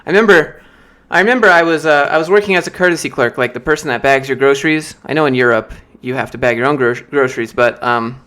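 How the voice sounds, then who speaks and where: Casual male streamer, mid pitch, rambling anecdotes. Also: quick pace, hardly any pauses, a bit bright, smooth. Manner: loose anecdotal storytelling, many fillers. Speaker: streamer answering viewer questions. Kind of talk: casual live-stream chat.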